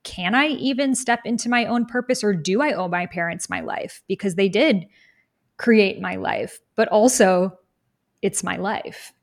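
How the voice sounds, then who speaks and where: A woman's voice: medium pitch, unhurried. A young adult woman, a guest in an interview, telling her life story in an earnest, reflective way and briefly acting out other people's words. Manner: earnest, reflective, animated when quoting others. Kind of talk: personal storytelling in conversation.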